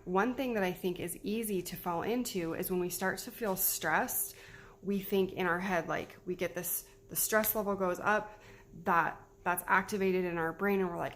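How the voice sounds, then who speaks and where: A woman's voice: lowish voice, steady tone, moderate pace, fairly bright tone, slight background noise. A woman in her thirties, a mom giving self-care tips in a chatty, encouraging way to camera. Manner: chatty, encouraging, repeats herself. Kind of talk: casual talk to camera.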